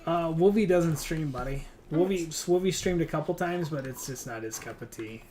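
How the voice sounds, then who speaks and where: A man's voice: fairly high pitch, normal speed, a little mellow, slight background noise. A man streaming a hunting game, chatting casually and teasing a friend with lots of fillers. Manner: rambling and teasing, with frequent fillers. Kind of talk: casual gaming stream chat.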